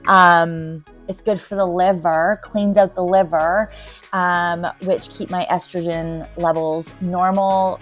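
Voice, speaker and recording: A woman's voice: lowish voice, a bit bright. A woman in her forties hosting a casual solo podcast as a recovery coach, talking in a candid, rambling way with frequent ums.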